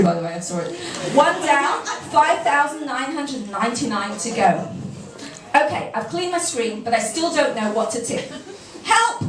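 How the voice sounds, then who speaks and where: A British woman with a high voice reads a comic first-person piece with wry, self-mocking timing. The mic sits well back, so she sounds distant, and a roomy echo hangs on every line. Steady background noise from the venue runs under her voice. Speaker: reader at a live reading evening. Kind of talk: reading a humorous first-person piece to an audience. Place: café event room. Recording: echoey room, mic far off, background noise.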